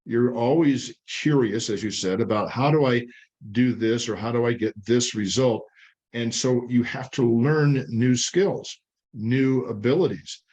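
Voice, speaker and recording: An older man hosts a podcast in a calm, reflective way, drawing lessons out of his guest's stories. His voice sits at an ordinary middle pitch. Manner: measured, sums up and draws lessons. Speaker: podcast host, the guest's father.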